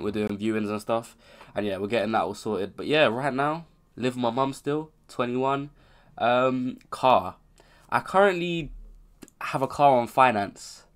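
Young man sounding ill. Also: fairly low pitch. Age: 20s. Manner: rambling, self-correcting, candid. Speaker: content creator. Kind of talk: casual unscripted vlog. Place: home bedroom.

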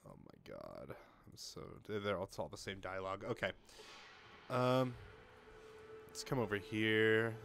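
Soft background music plays as a young gamer narrates his let's play through a home desk mic fitted with a pop filter. His lowish voice is gravelly and a bit bright, lively in intonation but a little slow, with frequent pauses. Chatty and self-mocking, he reads dialogue aloud and swears now and then when frustrated.

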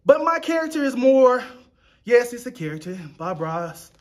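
High-voiced playful man hosting a painting show. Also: very animated, moderate pace. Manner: playful, chatty, jokey. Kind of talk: casual painting demonstration.

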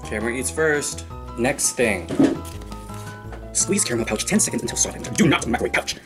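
A young man talks through his day off in a casual vlog, cracking self-mocking jokes as he goes. His voice sits at an ordinary middle pitch. Clear background music plays under him the whole time. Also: lively intonation, normal speed. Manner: self-mocking, joking asides to the viewers. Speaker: vlogger. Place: home kitchen. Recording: music playing behind the voice.

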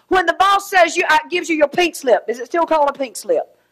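Woman, middle-aged, high-pitched, preaching a fervent sermon. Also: animated, a little fast. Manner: fervent, swinging between shouted exhortation and quiet asides.

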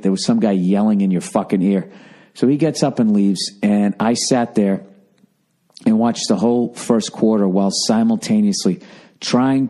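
Ranting profane man with a mellow voice. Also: mid-range voice. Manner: ranting, profane, self-mocking. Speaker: podcast host. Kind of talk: comedic storytelling monologue.

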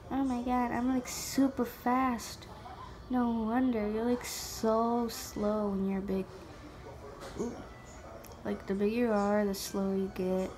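Slow-talking excitable young woman gamer. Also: a little high. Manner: excitable, gasps and whispers while playing. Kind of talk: casual gameplay commentary. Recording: faint music behind.

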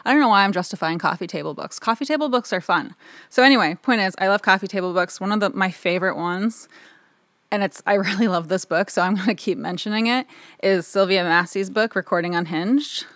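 A woman's voice: medium pitch, brisk, a bit bright, no echo. A woman talking casually to the camera in her own recording studio, rambling and chatty with lots of filler words. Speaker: audio engineer and video host.

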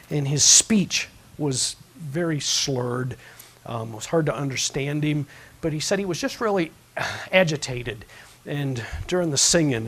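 A man preaching a sermon as pastor, telling a story that swings from hushed to loud. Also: fairly high pitch, husky, low-quality recording.

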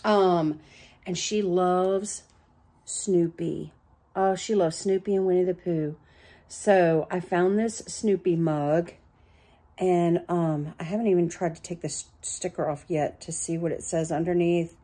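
A chatty, excitable middle-aged woman shows off her thrift store finds in a casual home vlog, gushing over little items. Her voice is on the low side and her pace is measured.

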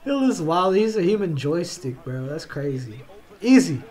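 A young man hosting a casual football reaction video, excitable and slangy, calling out bro after nearly every line. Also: a little high, moderate pace. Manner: excitable, yelps and drawls "bro" constantly. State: tired, yawning. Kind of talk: casual game reaction commentary.

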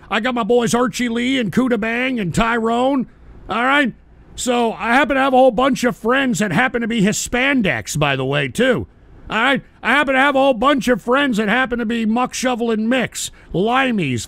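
A man's voice: extremely high pitch, gravelly, a bit bright, no echo, heavily acted. A man hosting a comedic call-in radio bit in character, brash and crude, throwing boastful insults at callers.

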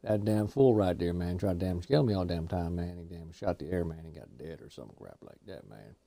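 A man's voice: low voice, lively intonation, fairly quick, creaky, mellow, dry recording, voice pushed down, heavily acted. A man voicing a laid-back redneck buddy who rambles and ends every phrase with "man". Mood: rambling. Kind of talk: gameplay commentary banter.

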